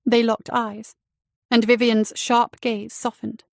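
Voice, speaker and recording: Gravelly-voiced woman narrating an audiobook. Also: on the high side, slow pace, no echo, clean studio sound. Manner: steady, even storytelling. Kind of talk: scripted narration.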